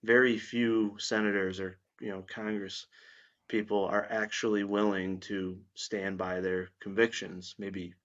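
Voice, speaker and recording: Low-voiced blunt man, lo-fi sound. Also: little pitch movement, unhurried, fairly bright tone. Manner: blunt, opinionated, profane. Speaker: guest. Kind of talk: casual podcast chat. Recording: dull lo-fi sound.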